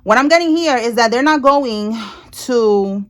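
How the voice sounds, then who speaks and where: A woman's voice: fairly high pitch, expressive, a little slow, a bit bright. A woman giving a casual tarot reading to her viewers, talking bluntly and emphatically, swearing freely and checking in with "all right?". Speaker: tarot reader. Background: people talking in the house.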